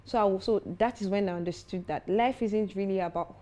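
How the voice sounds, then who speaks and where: A woman's voice: mid-range voice, brisk. Confident woman, earnest guest. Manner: earnest, confident, animated when telling stories. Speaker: foundation founder, guest. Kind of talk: interview conversation.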